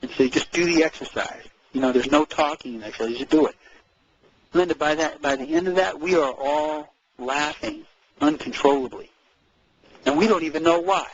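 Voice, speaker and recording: A man chatting casually as co-host, animated, repeating words and acting out quoted speech. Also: a little high, brisk, breathy edge, dull audio. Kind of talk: casual conversational chat.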